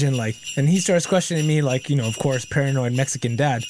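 A man's voice: mid-range voice, fast talker, music in the background. A man telling a long story in casual chat, swearing constantly and acting out the people he quotes. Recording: noisy background hiss.

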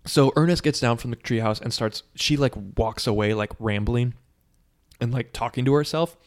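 Man, casual chat, animated movie recap, swears a lot, mid-pitched voice. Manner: animated storytelling, swearing, quick character impressions. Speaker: podcast co-host recapping a movie.

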